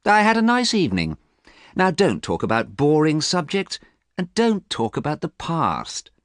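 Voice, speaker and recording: A man's voice: fairly high pitch, huge pitch swings, moderate pace, no room sound, clean studio sound, pitched above the performer's own voice. A man voicing a vain, cold young man who sounds bored and scornful, in a storybook reading. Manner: bored, scornful, sometimes sharp.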